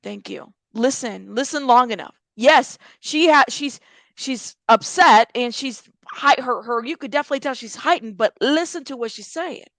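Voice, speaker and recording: A woman's voice: high voice, moderate pace, a bit bright, no echo. A woman commentating casually on bodycam footage, talking straight to her viewers. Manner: chatty, addresses viewers directly. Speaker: true crime commentator.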